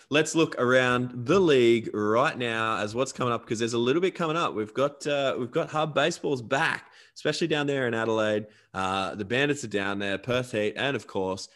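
A man co-hosts a casual sports podcast in a mid-range, fairly bright voice. Upbeat and chatty, he reads sponsor plugs and keeps repeating catchphrases.

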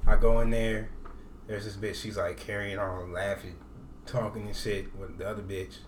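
A young man on a podcast rants through a story with lots of cursing. He sounds far from the mic in an echoey room. Clear background noise runs the whole time. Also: fairly low pitch, normal speed. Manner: animated, profane ranting storyteller. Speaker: podcast co-host.

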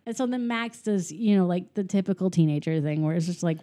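A woman with a mellow, rounded voice recaps a film in easy conversation. She acts out each character's quotes as she goes, and her talk is full of filler "likes.". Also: fairly low pitch, a little fast, hardly any pauses. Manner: animated retelling, acts out quoted lines, frequent "like". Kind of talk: casual movie recap chat.

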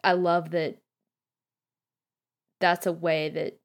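Soft-spoken young woman, low-pitched. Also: flat delivery, slow. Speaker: guest podcast host. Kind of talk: casual reflective commentary.

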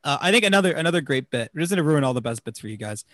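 A man from New Jersey co-hosting a casual movie discussion, animated, laughing often and restarting his sentences. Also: a little high, very fast, no room sound, studio quality. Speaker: podcast co-host.

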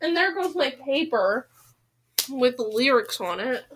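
A woman with a high, bright voice reads a novel aloud in a relaxed, chatty way. She keeps drifting off the page into animated, rambling asides before picking the story back up. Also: takes it slowly, slight background noise. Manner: animated, breaks off into rambling side comments. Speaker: reader of a novel.

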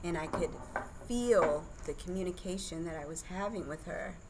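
A young woman with a somewhat low-pitched voice talks as a podcast guest. She tells a personal story candidly and chattily, laughing easily along the way. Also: moderate pace, very noisy. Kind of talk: casual birth story telling.

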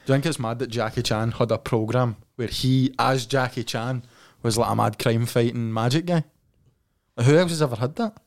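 A man's voice: mid-range voice, normal speed. A young man with a Glaswegian Scottish accent, eagerly explaining things in casual podcast chat.

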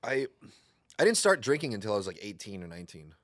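A male podcast co-host who drops dry, understated jokes in a relaxed chat. His voice is bright and moves a lot in pitch. He sits close to the mic in a dead, dry room. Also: fast talker, no room sound. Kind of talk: casual chat.

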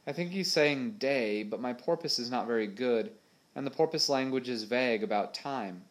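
A man's voice: mid-range voice, moderate pace, close to an everyday voice. A man doing an earnest young girl. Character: determined brave young girl.

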